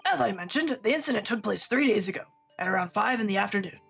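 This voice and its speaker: A woman voicing a gruff middle-aged male police inspector in a video game, with a rough chain-smoker rasp and a formal, officious way of reporting. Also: mid-range voice, animated, quick pace, fairly bright tone, faint music behind, heavily acted. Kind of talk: voicing a game character on stream.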